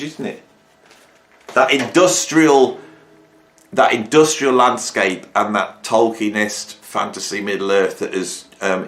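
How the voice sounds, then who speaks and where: A man's voice: low-pitched, a bit bright. A middle-aged man chatting enthusiastically and jokily about his vinyl records at home. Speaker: music YouTuber. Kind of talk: casual vlog chat. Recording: roomy echo.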